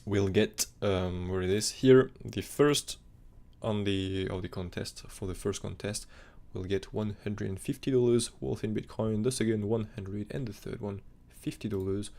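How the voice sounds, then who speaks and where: Fast-talking gravelly male crypto streamer. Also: on the low side, a little mellow. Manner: fast, rambling, non-native phrasing with fillers. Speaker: crypto chart analyst streamer. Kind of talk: live-stream technical analysis chat.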